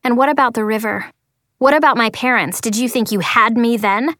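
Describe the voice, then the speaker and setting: A woman voicing an upset young female music student who trembles and shouts in protest. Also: on the high side, fairly quick, dry recording, studio quality, close to an everyday voice. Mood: angry. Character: frightened, angry young girl, a music student.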